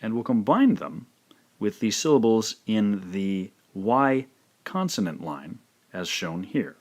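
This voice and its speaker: A man with a fairly low voice narrates a language lesson. He speaks slowly and carefully and says each sound twice so learners can follow. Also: lively intonation, a little mellow. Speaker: language teacher.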